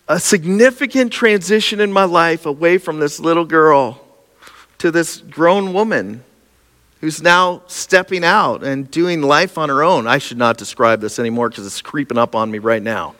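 Pastor, 40s, male; bright, slightly high voice; animated storytelling sermon in a big echoey hall. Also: moderate pace. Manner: personal storytelling, animated, laughing at himself. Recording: long hall reverb.

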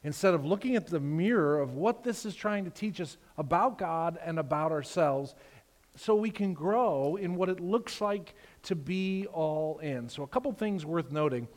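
Pastor, male, conversational preacher who voices his characters, slightly high voice, big reverberant room. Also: animated, moderate pace. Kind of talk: sermon. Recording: long reverb of a large hall.

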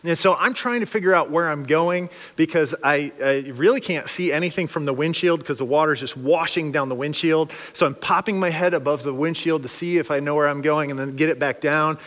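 A man preaching a sermon through a funny, animated story, acting out the people he quotes. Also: on the high side, moderate pace, in a large hall. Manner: animated, joking, acts out quotes.

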